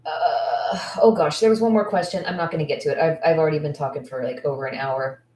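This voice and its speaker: A woman coach talks straight to her viewers in a loose, rambling way, candid and gushing with thanks, full of likes and restarts. Her voice sits a little low for a woman. The sound bounces around an echoey room. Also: fast talker, dark tone, slight background noise. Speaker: esthetician business coach. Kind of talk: casual livestream chat.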